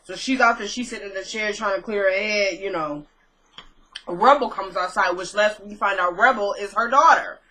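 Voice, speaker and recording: A woman chattily retells a TV episode, leaning on fillers and chuckling at her own side comments. She speaks fairly quickly at medium pitch with a sharp tone, and the poor audio carries a little hiss or hum.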